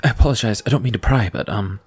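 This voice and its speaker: A man voicing an earnest middle-aged father who speaks haltingly and apologetically. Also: lowish voice, husky, faint music behind.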